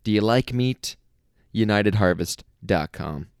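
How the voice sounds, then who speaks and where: A man's voice: lowish voice, lively intonation, a little slow, clean tone, no echo, studio quality. A man, the podcast host, reading a sponsor spot in an exaggerated announcer voice. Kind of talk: ad read.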